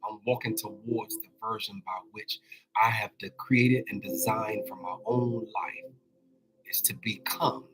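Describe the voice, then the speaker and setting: A man's voice: lowish voice, steady tone, over music, poor audio. A man hosting a casual spiritual motivational talk. He speaks in colloquial language, repeats himself, and calls out directly to his listeners. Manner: colloquial, drawn-out phrasing. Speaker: host.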